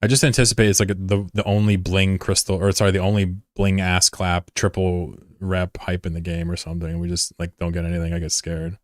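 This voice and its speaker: A man with a low voice talks in loose, rambling live-stream chat, joking and swearing as he runs his game fleet. His delivery is casual and offhand. The sound is dry and close on a desk microphone. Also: flat delivery, fairly quick, hardly any pauses, no room sound.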